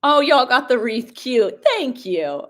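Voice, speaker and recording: Through a laptop or phone camera propped up in her kitchen, a young adult woman vlogger chats on a live stream. Her voice is high with big pitch swings and a slow pace, and she laughs frequently as she reads viewer comments, a bit sniffly from a cold.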